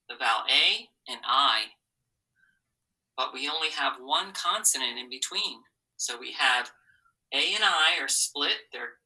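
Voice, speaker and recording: A woman teaching a phonics lesson to children, patient and encouraging, asking questions and pausing for answers. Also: very deep voice, bright, forceful tone, recorded from a distance, rough recording.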